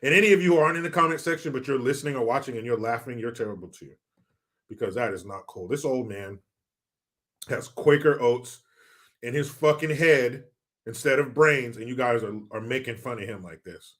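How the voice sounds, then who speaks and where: A man's voice: medium pitch, a little fast, a bit bright. A man hosting a live commentary stream, reading chat comments in a mock-serious, sarcastic and profane way.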